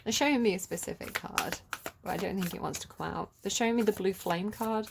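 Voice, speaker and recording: A woman's voice: mid-range voice, a little hiss or hum. A woman giving a casual collective tarot reading, chatty and rambling with many fillers. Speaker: tarot reader.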